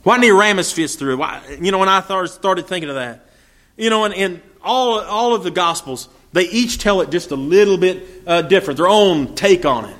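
A man's voice: high-pitched, normal speed, a bit bright. A man preaching a sermon, asking rhetorical questions and reading scripture aloud in old-fashioned English.

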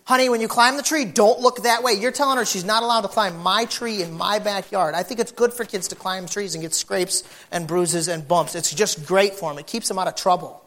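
A man preaching with humorous storytelling, acting out neighbors and dogs in animated bursts. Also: sits high, a little fast, few pauses.

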